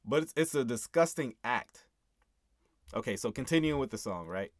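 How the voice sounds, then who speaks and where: Man, casual commentary, earnest, mid-pitched voice, dry close sound. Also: lively intonation, moderate pace, no echo. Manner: earnest, keeps asking "right?", chuckles. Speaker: host and rapper breaking down his own song.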